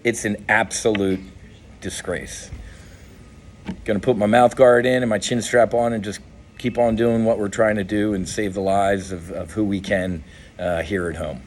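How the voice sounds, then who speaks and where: Speaking at a moderate pace with a lowish voice and fairly even intonation, this middle-aged podcast host and veteran advocate launches into a profane, impassioned political monologue. Slight background noise is audible, and he sounds blunt and frustrated, frequently starting his sentences over.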